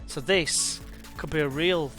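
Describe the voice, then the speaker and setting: A man's voice: a little high, a little slow, a bit bright, faint music behind. A young man chatting and calling the action while playing a football management game. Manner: chatty, slangy, commentates play-by-play. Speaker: let's play gamer. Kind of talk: casual gameplay commentary.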